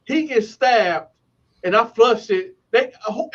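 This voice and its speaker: In a lo-fi recording, a Flint, Michigan man with a very high, expressive voice takes his time telling casual stories. He laughs often and does impressions of other people's voices.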